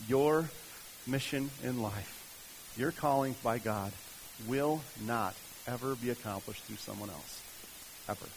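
A man's voice: medium pitch, slow pace, slight background noise, rough recording. Conversational preacher, emphatic man. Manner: conversational, emphatic, direct to listeners. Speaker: pastor. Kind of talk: sermon.

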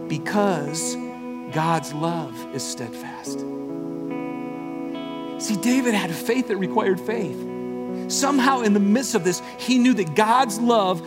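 A man preaching a sermon as pastor, swinging from loud emphatic lines to hushed, near-whispered ones. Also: high voice, animated, slow pace, pauses often, over loud music.

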